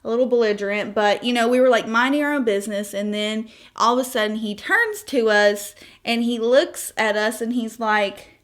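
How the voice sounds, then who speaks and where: A woman's voice: a little high, normal speed. A 25-year-old woman chatting casually through a makeup tutorial, telling stories with asides and laughs. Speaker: beauty vlogger.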